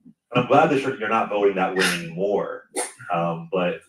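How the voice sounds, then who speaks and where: A man's voice: deep voice, moderate pace, fairly bright tone. A man co-hosting, questioning a guest insistently and repeating his questions. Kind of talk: interview questioning. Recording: echoey room, far from mic.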